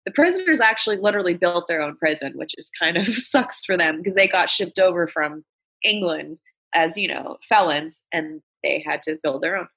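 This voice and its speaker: A woman's voice: on the low side, expressive, moderate pace, fairly bright tone. A woman comedian from Los Angeles, telling stories as an interview guest in a blunt, candid way with plenty of swearing. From Los Angeles, USA. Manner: blunt, profane, candid storytelling. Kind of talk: casual interview chat.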